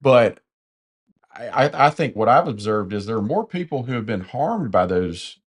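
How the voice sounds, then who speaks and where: A man's voice: mid-range voice, sing-song, moderate pace, breathy edge. A man with a Southern US accent co-hosting a podcast, talking candidly in a rambling, self-correcting way. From Carolinas, US. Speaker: podcast co-host. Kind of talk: casual conversation.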